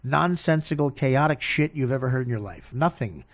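Man, gravelly rasp, mid-pitched, exasperated self-mocking rant, comedy podcast. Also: lively intonation, normal speed. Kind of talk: ranting comedy podcast monologue.

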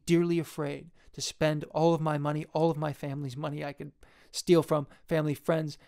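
A young man, an independent filmmaker, talking in a jumpy, self-deprecating ramble, laughing often and jumping suddenly into a high squeak. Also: creaky, darkish tone, smooth.

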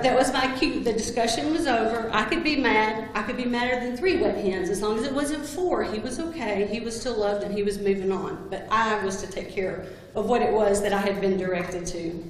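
Speaking in a very echoey hall with long reverb, a woman tells funny stories about a longtime coworker as part of his eulogy. Her pitch is medium, and a faint hiss or hum can be heard.

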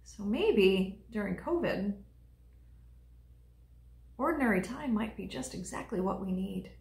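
A woman leading a children's liturgy, teaching young kids in a gentle, encouraging way and speaking right to them. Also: mid-range voice, expressive, a little slow, vocal fry, reverberant.

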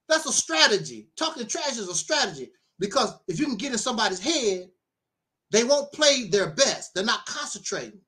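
In a very high voice and at moderate speed, a middle-aged minister delivers a laid-back monologue full of stories. He tells them with animation, frequent laughs and the occasional preachy aside.

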